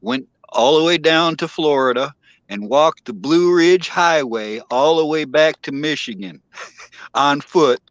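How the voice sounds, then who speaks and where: A man's voice: fairly high pitch, lively intonation, measured pace, fairly bright tone, no echo, lo-fi sound. A man joining a live panel by phone, telling an easygoing story about a long walk. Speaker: panel guest. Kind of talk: casual live panel chat.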